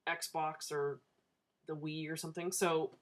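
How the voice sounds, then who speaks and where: A woman's voice: deep voice, level tone, a little slow. Chatty woman rambling with frequent laughs. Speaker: vlogger. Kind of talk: casual chat.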